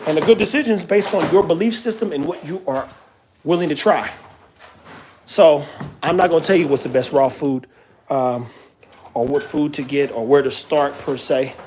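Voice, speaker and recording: A man's voice: fairly high pitch, moderate pace, darkish tone, a little hiss or hum. A young man talking casually on a live stream, loose and chatty, turning between his dogs and his viewers. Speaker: dog owner streaming live.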